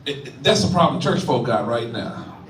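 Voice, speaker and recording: A man's voice: mid-range voice, animated, moderate pace, a bit bright. Preacherly man in an echoey room. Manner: preacherly, repeats "right?" and stammers. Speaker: pastor. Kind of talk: impassioned community talk. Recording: echoey room, mic from far off.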